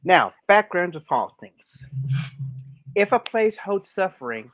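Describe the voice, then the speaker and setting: A man co-hosting a podcast, relaxed and joking, who talks with hesitant pauses. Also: high-pitched, no room sound. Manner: relaxed, hesitant with fillers, jokes with accents. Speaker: podcast co-host. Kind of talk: casual podcast chat. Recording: dull dry lo-fi sound.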